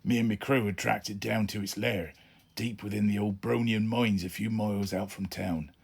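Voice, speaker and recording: A man's voice: on the low side, fairly even intonation, moderate pace, gravelly, slightly rough. A man voicing a fortysomething pirate dad with a West Country accent, spinning a tall tale in an audiobook. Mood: tale-telling. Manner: storytelling pirate brogue. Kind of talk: audiobook character voice.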